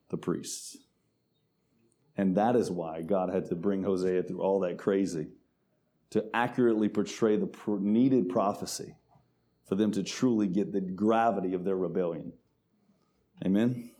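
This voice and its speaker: A man preaching a sermon, calling out to the congregation and reading scripture slowly with weight. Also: low voice, mellow. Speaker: pastor.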